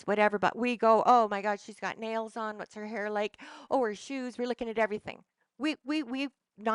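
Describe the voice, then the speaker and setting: Middle-aged woman, holistic practitioner, motivational talk, emphatic, slightly high voice, dry close sound. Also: clean tone, dry recording. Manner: earnest and emphatic, with frequent restarts. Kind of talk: motivational talk to a live audience.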